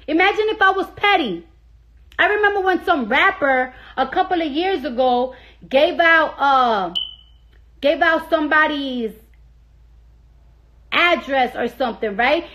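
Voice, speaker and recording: High-voiced woman ranting angrily. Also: fairly bright tone. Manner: heated, repeats herself for emphasis, swears constantly. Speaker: celebrity on a social media live stream. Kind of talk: angry profane rant. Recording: dull lo-fi phone live stream.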